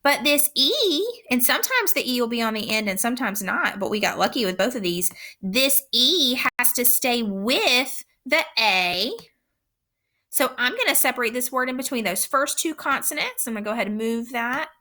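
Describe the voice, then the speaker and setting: A woman teacher giving a recorded phonics lesson for young children, speaking slowly and patiently with careful, clear enunciation. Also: on the high side, expressive, pushed and bright.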